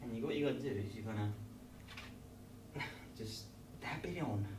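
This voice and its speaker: A man's voice: mid-range voice, normal speed, noisy background, voice pushed down, natural voice. An English man in a live improv comedy scene, playing a bumbling host of a children's craft show who rambles in a mock-instructive, falsely reassuring way. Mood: chirpy instructional. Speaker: improv performer. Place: small comedy venue stage. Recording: roomy distant mic, live audience laughter.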